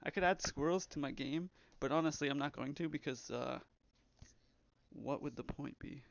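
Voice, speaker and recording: A man's voice: mid-range voice, normal speed, gravelly, no echo. A young man who develops games, chatting casually on a live stream, rambling and reading chat aloud. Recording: slightly dull, lo-fi stream audio.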